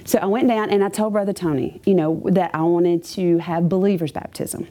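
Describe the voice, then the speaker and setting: A woman's voice: on the low side, fast talker, hardly any pauses. A woman giving a chatty personal testimony to a church congregation, with many asides. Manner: chatty, animated storytelling with asides.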